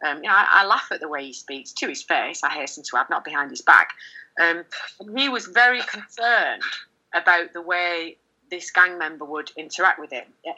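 Middle-aged female journalist, interview guest; bright, slightly husky voice, candid and animated delivery. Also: fairly low pitch, normal speed, rough recording. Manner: candid and animated, many fillers and restarts. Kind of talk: conversational interview.

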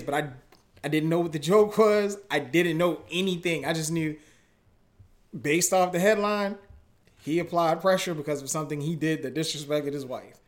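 Slangy, easygoing male co-host. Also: fairly high pitch. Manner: slangy, relaxed, quick interjections. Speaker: podcast co-host. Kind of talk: casual podcast chat.

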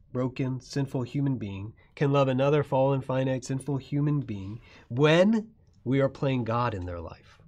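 A man preaching a sermon who moves between quiet, dropping phrases and loud, emphatic lines. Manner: swings from soft, low asides to loud, rising emphasis. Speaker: pastor.

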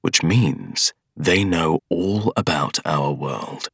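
A man's voice: very deep voice, creaky, husky, dry recording, clean studio sound, exaggerated voice. Un uomo che dà voce a un gelido maestro del Male. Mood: cold, scheming. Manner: cold, measured, persuasive. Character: cold scheming young male schoolmaster of Evil. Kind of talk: audiobook character voice.

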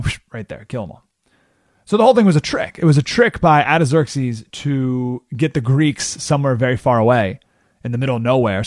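A man hosting a radio talk show, telling a history story in a casual, lively way and acting out the people's lines. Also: mid-range voice, no echo, clean studio sound. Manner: casual, animated storytelling, acting out quotes in voices. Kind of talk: radio monologue retelling history.

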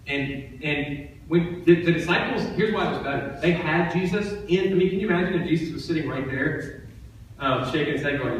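A man's voice: fairly high pitch, moderate pace, far from the mic, slight background noise. A man giving a sermon as pastor, preaching in a conversational way and repeating phrases for emphasis. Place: church sanctuary. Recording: echoey church hall from off-mic.

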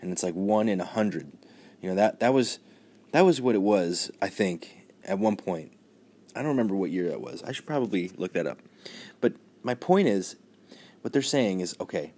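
Male podcaster, somewhat low voice, dry sarcastic delivery that hides the joke, rambles through news with fillers. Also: normal speed. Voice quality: says his tone is neutral and flat. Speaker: podcast host. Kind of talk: solo podcast news commentary.

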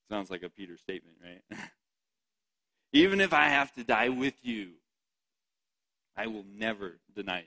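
A preacher with a lowish, sharp-toned voice, captured on a rough recording, reads scripture and chats with his congregation during a sermon. He's chatty, laughs often, and keeps asking the audience "right?"

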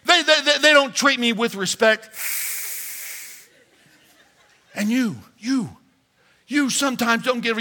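A man's voice: extremely high pitch, pushed and bright, pitched above the performer's own voice, exaggerated voice. A man putting on a frazzled complaining wife. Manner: rapid exasperated rant.

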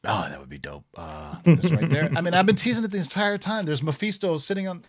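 Excited man rambling about a show. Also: high voice, fast, crowd noise. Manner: enthusiastic, rambling with fillers and restarts. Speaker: podcast co-host. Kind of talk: casual chat.

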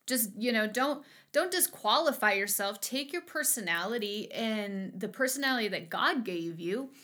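A woman in her thirties leads a relaxed livestream Bible study with a bright, forward voice. She is chatty and bubbly, wanders off on little tangents and laughs at herself before coming back to the point. Her pitch sits in the middle for a woman. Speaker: Bible teacher. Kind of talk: casual livestream Bible teaching.

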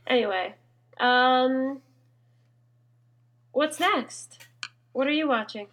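A woman's voice: sits high, slow, fairly bright tone. A young woman co-hosting a casual podcast, sleepy and yawning, giggling as she chats. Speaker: podcast co-host. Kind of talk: casual chat.

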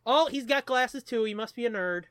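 A man co-hosting a casual movie commentary, playful and jokey, quick to tease his co-host. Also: very high-pitched, fairly bright tone, smooth, no room sound, clean studio sound. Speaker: podcast co-host.

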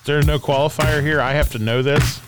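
A man's voice: a little high, steady tone, fairly quick, over loud music. A man co-hosting a trivia podcast, making dry, self-deprecating quips between questions. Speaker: trivia podcast co-host and player. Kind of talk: casual podcast banter.

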